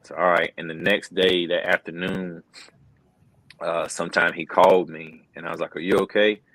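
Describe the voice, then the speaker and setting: A middle-aged wrestling commentator with a very low, deep, slightly bright voice tells a personal story with earnest conviction in a casual interview. He speaks at a normal speed in a level tone, loosely dropping "bro" and "man." The recording is dry, close and rough, like a podcast mic.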